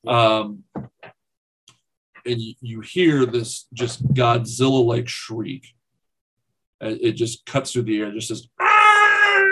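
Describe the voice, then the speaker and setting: Husky guy running a tabletop game, laid back, lots of ums. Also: medium pitch, fairly even intonation, slow, pauses often. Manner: casual, swearing, filler-heavy narration. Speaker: game master.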